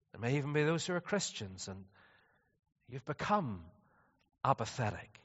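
A man preaching a sermon, moving between quiet, reflective passages and loud, animated stretches. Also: mid-range voice, normal speed, long pauses. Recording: dull, slightly distant sound with long reverb.

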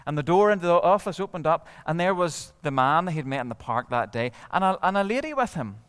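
A middle-aged Northern Irish man telling a story to a live audience, expressive, with dramatic hushes. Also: a little high, fairly quick, smooth, long reverb tail.

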